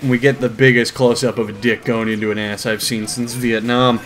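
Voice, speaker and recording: A man's voice: medium pitch, a little fast, few pauses. A young man hosting a comedic video, reading a comic aloud with sarcastic commentary and frequent laughter. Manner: sarcastic, laughs often, lively. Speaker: host.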